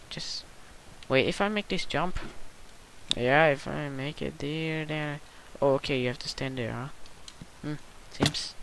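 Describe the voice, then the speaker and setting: A gameplay commentator in casual, goofy play-by-play who squeals and yells at jumps and mutters between them. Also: mid-range voice, smooth, low-quality recording.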